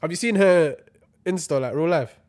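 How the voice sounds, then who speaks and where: A man's voice: fairly high pitch, moderate pace, a little mellow, dry recording, studio quality. A man in casual chat, teasing his friends in slangy banter.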